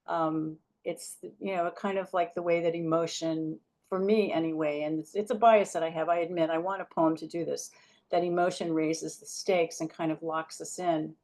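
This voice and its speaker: A woman's voice: low voice, steady tone, moderate pace, darkish tone. Chatty woman host with many asides. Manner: chatty, full of fillers and asides; earnest, gets choked up. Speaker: host introducing a poet. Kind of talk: reading series introduction.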